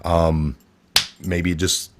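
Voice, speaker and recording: A deep-voiced man hosts a casual political talk show. He rambles through his points with plenty of fillers and restarts. Now and then he jumps into a raised voice to act out the people he quotes. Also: flat delivery, drawn-out words, slight background noise. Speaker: podcast host.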